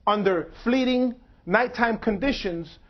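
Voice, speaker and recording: High-pitched man giving a measured talk. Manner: measured, dramatic pauses. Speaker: speaker. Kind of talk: public lecture. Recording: dull lo-fi lecture recording.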